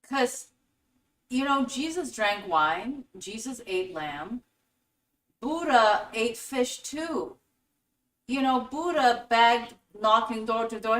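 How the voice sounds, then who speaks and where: A woman hosting a spiritual teaching talk, telling stories in an animated way and acting out quotes. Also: on the high side, slow. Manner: animated storytelling with acted-out quotes. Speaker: host. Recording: echoey room, voice from a distance.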